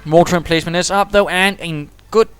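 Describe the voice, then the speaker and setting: A man giving quick, chatty play-by-play commentary on a strategy game, with dry humour and British turns of phrase. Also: high-pitched, steady tone, fairly bright tone, faint music behind.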